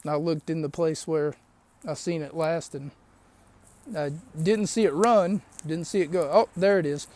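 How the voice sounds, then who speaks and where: A man's voice: a little high, steady tone, unhurried, a little mellow. A man hosting a podcast, recapping a show in a rambling, chatty way with lots of asides. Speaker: podcast host. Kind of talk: casual recap of a wrestling show.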